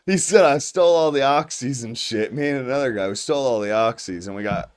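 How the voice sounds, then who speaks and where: A man's voice: medium pitch, brisk. A man around forty, a podcast host, telling a long story casually with a lot of swearing and frequent laughter. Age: 40s. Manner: profane, animated storyteller who laughs through his anecdotes.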